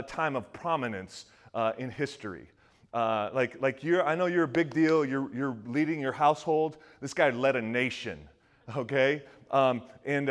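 A man preaching a sermon in a casual, conversational way, asking his listeners questions and dropping low and quiet when he quotes. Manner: conversational, asks the audience questions. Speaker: pastor.

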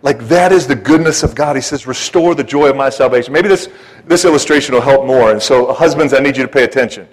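A man's voice: medium pitch, low-quality recording. A man preaching a casual, joking sermon to a church congregation, stumbling through fillers and restarts. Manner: folksy, joking, halting with many fillers and restarts. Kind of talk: conversational sermon.

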